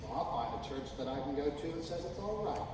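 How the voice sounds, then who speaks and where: Pastor, man, slightly high voice, emphatic sermon that swells into shouting, distant mic in an echoey hall. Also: heavy background noise. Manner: builds from calm talk to loud, drawn-out shouting; folksy, emphatic preaching. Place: church sanctuary.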